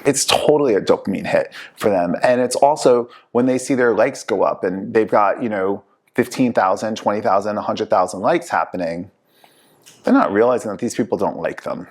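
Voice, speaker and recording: A man hosting a casual talk show, telling lively stories and acting out the people he quotes. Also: lowish voice, moderate pace. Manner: animated storyteller, acts out quoted people. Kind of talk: casual chat.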